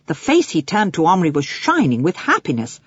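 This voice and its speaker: A woman narrating an audiobook for children in an expressive storytelling manner. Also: fairly low pitch, a little fast, slightly rough, no echo, highs cut off. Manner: expressive storytelling with lively swings.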